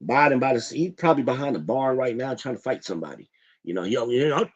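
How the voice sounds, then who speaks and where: Fast and slightly rough, with medium pitch and lively intonation, a man hosts a casual stream over lo-fi audio. He delivers a blunt rant packed with cursing and meandering asides.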